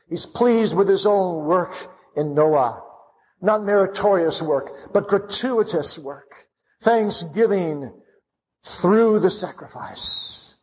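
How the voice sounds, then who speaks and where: A man preaching a sermon with impassioned fervor, his voice rising to cries at its peaks. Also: a little high. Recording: lo-fi with long hall reverb.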